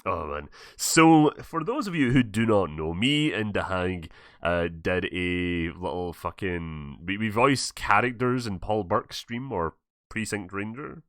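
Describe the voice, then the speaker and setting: Young Glaswegian male host, low voice, casual and sweary, dry close sound. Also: a little slow, a bit bright, no room sound. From Scotland. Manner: laid-back, swearing, laughing often. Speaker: podcast host. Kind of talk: casual chat.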